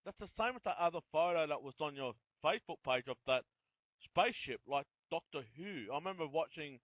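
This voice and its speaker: A man's voice: on the high side, lively intonation, brisk, dry recording. A man from Australia, hosting an interview and earnestly talking through his points. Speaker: host. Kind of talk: casual interview. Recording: tinny phone line.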